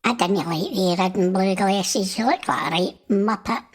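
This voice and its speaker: A man's voice: sits high, slightly rough, voice pushed up. A man voicing a cheeky, hot-tempered male Martian guest. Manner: cheeky, quick to anger.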